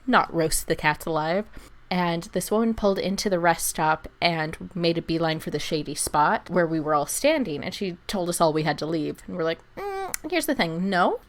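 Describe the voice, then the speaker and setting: A woman co-hosting a podcast tells an animated story in easy conversation. Her voice sits a little low, and she slips into the voices of the people she quotes, laughing as she goes. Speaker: podcast co-host. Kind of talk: casual storytelling chat.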